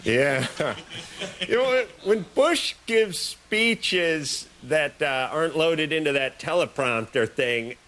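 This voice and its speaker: A man's voice: on the high side, slow pace, slight background noise. A man hosting a late-night show, delivering a rambling, sarcastic comic monologue. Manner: sarcastic, rambling, deadpan jokes.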